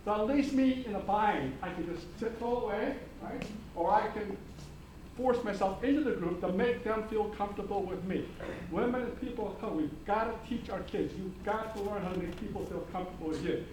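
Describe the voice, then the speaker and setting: A man speaking on a panel discussion, animated and engaging the audience with humor and questions. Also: high-pitched, fairly quick, a little hiss or hum, rough recording. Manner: animated, audience-engaging, uses put-on voices for quoted people. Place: conference hall.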